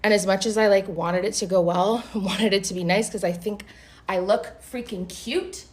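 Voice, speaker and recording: A young adult woman vlogger telling a casual story in a blunt, animated way, swearing freely. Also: medium pitch, normal speed.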